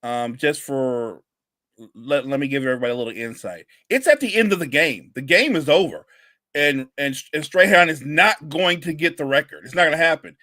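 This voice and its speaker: A man's voice: on the high side, moderate pace, sharp tone, no echo. A man co-hosting a sports podcast, giving emphatic, opinionated takes in casual talk.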